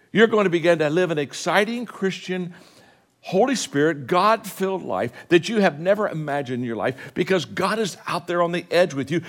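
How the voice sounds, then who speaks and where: A man preaching a sermon, telling stories with quoted dialogue, rising to fervent exhortation and closing in soft prayer. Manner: impassioned, climbing high and loud when exhorting. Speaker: guest preacher.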